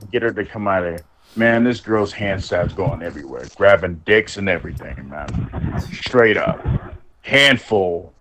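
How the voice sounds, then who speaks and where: A man with a lowish voice tells long, rambling stories on a casual podcast. He swears constantly and jumps into the voices of the people in his tales. There is a faint hiss of noise behind him. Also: low-quality recording. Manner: rambling anecdotes, heavy swearing, acts out quotes. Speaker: podcast co-host. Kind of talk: casual storytelling chat.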